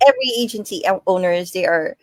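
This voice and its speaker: A woman's voice: lowish voice, quick pace, no echo, faint music behind. A woman hosting an interview podcast, affirming her guest and wrapping up with short agreements. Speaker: podcast host.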